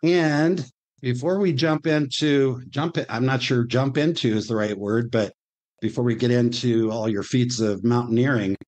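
A man's voice: medium pitch, normal speed, a little mellow. A man hosting a travel podcast, reading a scripted intro and then chatting casually with restarts and fillers. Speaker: podcast host.

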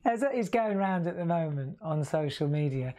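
A woman's voice: lowish voice, animated, normal speed, dark tone. A woman hosting a craft livestream from her craft room, chatting to viewers in a rambling, jokey way and laughing often. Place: indoor home craft room.

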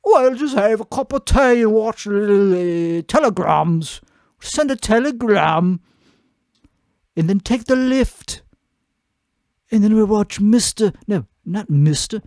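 A man putting on a cheery British man who offers tea, in a chirpy, slow and genteel way. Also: high-pitched, expressive, a little mellow, no room sound, studio quality, full character voice.

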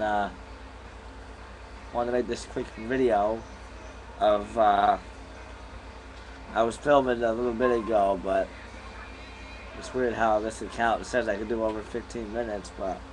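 A man's voice: on the low side, steady tone, a little slow, long pauses, darkish tone, a little hiss or hum, low-quality recording. A young man casually vlogging from a bedroom at home, rambling in an easygoing way while chewing gum, recorded on a camera mic. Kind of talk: casual vlog chat.

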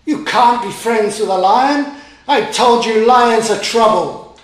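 A man voicing a gruff, protective father elephant in a storybook tale, snorting and loud. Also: a little high, lively intonation, takes it slowly, recorded from a distance. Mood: cross. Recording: echoey room.

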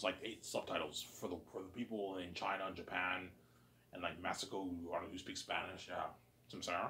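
A man's voice: sits low, little pitch movement, brisk, sharp tone, slight background noise. A man in a casual monologue who rambles and uses lots of "like" and "man" and some swearing. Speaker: channel host.

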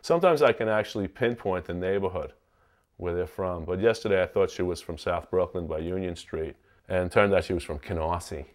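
A man's voice: sits low, a little fast. A man with a New York accent tells a matter-of-fact story in a documentary interview.

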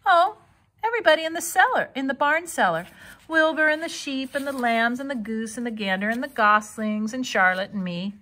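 A woman's voice: sits high, lively intonation, fairly quick, sharp tone, voice pushed up. A woman voicing an eager, chatty young farm girl.

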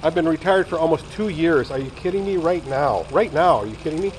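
A man's voice: a little high, expressive, brisk, few pauses, a little mellow, a little hiss or hum, poor audio. A retired man in his sixties chatting casually and rambling to viewers while he cooks in his home kitchen. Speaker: vlogger. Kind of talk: casual home cooking vlog.

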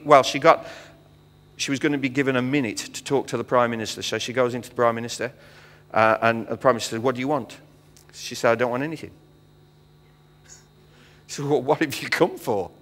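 A middle-aged British missionary, preaching as a guest, delivers a storytelling sermon with animation, acting out dialogue and using plenty of fillers. His mid-range voice is brisk, and the church sanctuary adds a long hall reverb.

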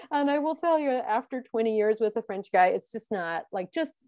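A woman's voice: on the high side, unhurried, no echo, clean studio sound. A woman co-hosting a casual chat, retelling scenes with lots of laughter. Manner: giggly, animated storyteller. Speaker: podcast co-host.

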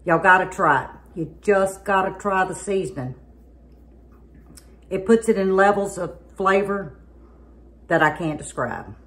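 A woman, chatting folksy and warm to her viewers while she cooks in her kitchen. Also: on the low side, expressive, unhurried, long pauses. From southern United States. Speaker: home cooking vlogger. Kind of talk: casual cooking demonstration. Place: home kitchen at the stove.

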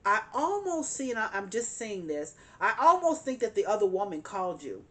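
A woman reads tarot cards aloud, talking straight to her listener. She is emphatic, circling back to repeat her points. Her voice sits at an ordinary middle pitch. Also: very animated, moderate pace, pushed and bright. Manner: emphatic, repeats phrases, addresses the listener directly. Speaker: tarot reader. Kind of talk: tarot reading monologue.

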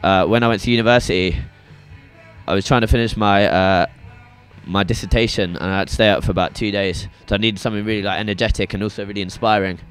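A man's voice: lowish voice, fairly even intonation, fast, fairly bright tone, clean tone, faint music behind. A young man chatting casually about his favourite records, rambling with many restarts. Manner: rambling, hesitant, full of restarts. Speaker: shop visitor sharing records. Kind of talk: casual chat. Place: record shop in a venue.

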